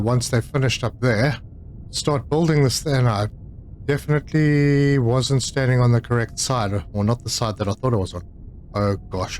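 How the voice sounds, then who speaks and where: A man's voice: medium pitch, a little mellow. A man giving casual, easygoing commentary while playing a building game, thinking aloud and talking to himself as he goes. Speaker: gaming channel host.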